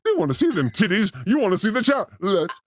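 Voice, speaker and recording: This podcast host talks quickly in a high-sitting voice with big pitch swings, delivering crude, theatrical jokes as casual banter. It's clean studio audio without echo.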